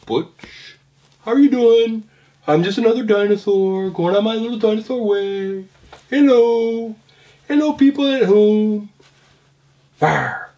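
A man voicing a friendly male dinosaur toy with loud, sing-song greetings. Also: high-pitched, dull audio.

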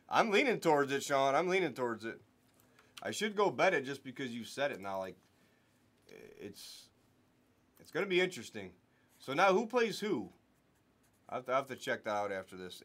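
A man's voice: medium pitch, animated, normal speed, long pauses, fairly bright tone. A young man hosting a live sports card break, talking casually and joking with his viewers. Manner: chatty, jokes with viewers and talks sports. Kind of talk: casual live stream chat.

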